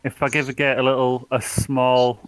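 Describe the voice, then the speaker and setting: A man's voice: medium pitch, flat delivery, moderate pace, noisy background. A man playing a tabletop game, chatting casually and asking plain questions of the game master. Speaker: player.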